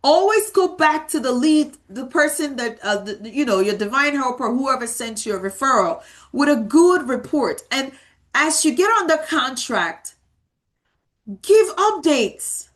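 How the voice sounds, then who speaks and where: A woman's voice: high voice, expressive, moderate pace, fairly bright tone. A woman in her thirties giving a realtor training talk, emphatic and repeating key words as she tells stories from her work. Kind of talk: motivational training talk with anecdotes.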